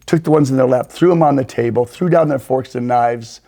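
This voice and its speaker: An older man hosting a podcast, telling unhurried anecdotes and quoting people in a lowered voice. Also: gravelly, mellow. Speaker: podcast host, storyteller. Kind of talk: casual storytelling interview.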